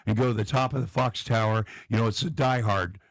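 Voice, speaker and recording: There's no room sound as a middle-aged man, a comedian and actor, delivers a string of self-deprecating anecdotes while guesting on a talk show. His voice is fairly low and a little fast, and he tells the stories with animated, casual energy.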